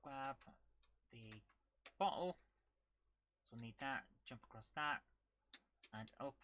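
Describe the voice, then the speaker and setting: A woman's voice: rumbling low, takes it slowly, fairly bright tone, a little hiss or hum. A woman streaming a retro game live, chatting and thinking aloud as she plays and humming along to the game. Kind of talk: live gameplay commentary.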